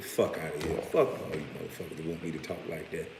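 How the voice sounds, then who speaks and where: A very low-voiced man holds forth in a blunt, profane rant, breaking off now and then to chuckle at his own lines. His voice carries a long room reverb, with a faint hiss underneath. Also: fast talker, few pauses, dark tone. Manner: blunt and profane, with laughing asides. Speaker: vlogger. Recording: roomy echo with faint hiss.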